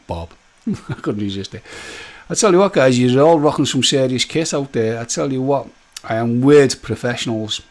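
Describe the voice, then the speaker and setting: A man's voice: mid-range voice, lively intonation, normal speed, a little mellow. Chatty man hosting a live stream. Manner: chatty and jokey, speaks straight to viewers by name; loose rambling talk with many fillers and restarts. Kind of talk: casual live stream chat reading viewer comments.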